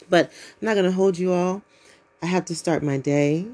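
A woman's voice: on the low side, darkish tone. A woman from the United States, hosting her own podcast in a blunt, profane, preachy monologue. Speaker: podcast host.

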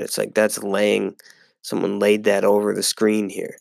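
A young man with a gravelly, creaky voice talks through a casual solo sports podcast. He rambles, swears freely and fills gaps with "like" and "um". The sound is dry and close, with little room echo. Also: fairly low pitch, completely flat delivery, measured pace. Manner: rambling and profane, with frequent fillers. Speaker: podcast host.

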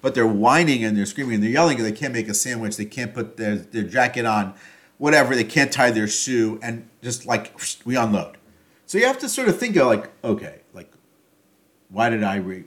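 A man giving a reflective solo talk on a self-help topic, thinking aloud with loose phrasing, fillers and restarts, and loudness that rises and falls. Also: medium pitch, expressive, moderate pace.

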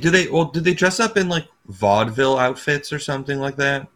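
A man's voice: mid-range voice, lively intonation, fairly quick, a bit bright. A man co-hosting a podcast, chatting in a loose, sarcastic way with plenty of swearing. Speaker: podcast co-host. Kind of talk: casual chat.

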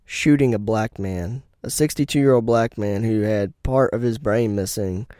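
A man's voice: on the low side, a little slow, dark tone, no room sound, studio quality. A young man telling blunt, profane stories in casual chat and laughing at his own jokes. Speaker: podcast host.

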